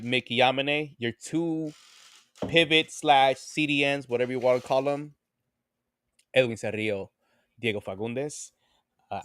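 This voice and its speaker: A relaxed man co-hosting a sports podcast, speaking at a middle pitch. His voice is close and dry, with no room sound around it. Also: smooth, no echo. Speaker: podcast co-host. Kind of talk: casual chat, reading out a lineup.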